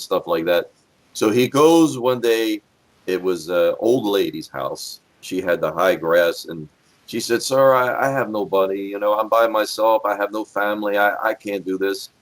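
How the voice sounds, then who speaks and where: A middle-aged man, a former police officer, telling blunt, profane stories as a podcast guest. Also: low-pitched. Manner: animated storyteller, blunt and profane. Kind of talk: casual podcast storytelling.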